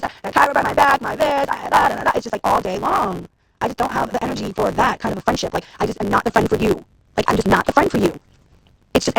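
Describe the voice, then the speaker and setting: Brief: woman in her thirties ranting on a phone livestream, rapid-fire delivery with a gravelly fry, swearing freely, exasperated. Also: medium pitch, low-quality recording. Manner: fast, profane, venting and exasperated. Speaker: reality TV personality and executive producer. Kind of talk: Instagram live rant to viewers.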